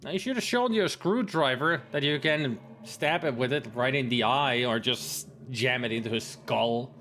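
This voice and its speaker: A man's voice: medium pitch, normal speed, fairly bright tone. A man doing casual commentary while playing a video game, rambling and cracking mock-serious jokes. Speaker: let's play gamer. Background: game music.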